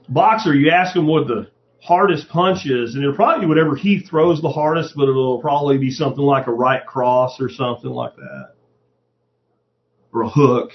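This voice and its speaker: Middle-aged podcast guy, swears a lot, voice jumps all over, kinda muffled lo-fi sound. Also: medium pitch. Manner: profane, animated, acts out quoted voices. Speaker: podcast host. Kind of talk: casual monologue. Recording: dull lo-fi podcast audio.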